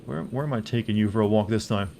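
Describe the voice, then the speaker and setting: A man's voice: lowish voice, quick pace, warm tone, slight background noise. A man streaming a game live, rambling and teasing as he answers his chat and reads menu text aloud.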